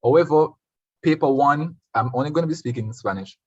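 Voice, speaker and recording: A man's voice: on the high side, a little fast, slightly rough, no room sound, lo-fi sound. A man with a Jamaican accent tutoring an online Spanish revision class, switching between English and Spanish and quizzing his students.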